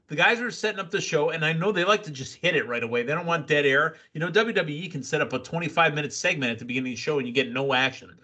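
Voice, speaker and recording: Bright-voiced excitable male podcast host. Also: a little high. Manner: excitable, laughs often, quick asides. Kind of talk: casual wrestling recap chat.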